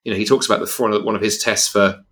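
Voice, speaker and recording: A man with a voice on the low side races along in a level, slightly bright tone. He's a guest on a podcast, an evangelist, and his earnest, emphatic talk in the discussion is full of restarted sentences.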